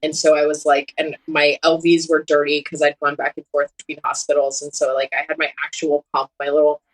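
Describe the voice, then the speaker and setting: Woman, thirties, low voice, candid, self-mocking, casual chat. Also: level tone, a little fast, poor audio. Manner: candid and self-mocking, laughs as she talks. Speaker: surgeon, podcast guest. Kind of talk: casual conversation.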